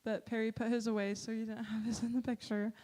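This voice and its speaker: A woman speaks about her photos in a bubbly, giggly manner, with a fairly high voice. The sound carries the long reverb of a church sanctuary. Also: little pitch movement, fast talker, dark tone. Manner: bubbly, giggly, uses "like" and "literally". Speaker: mission trip presenter. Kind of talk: casual slideshow presentation.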